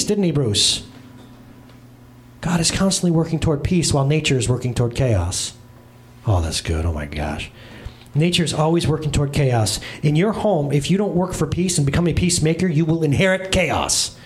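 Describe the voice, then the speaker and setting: A man in his thirties, a pastor preaching a humorous sermon from a church stage. He tells stories with animated comic voices and quick asides. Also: a little high.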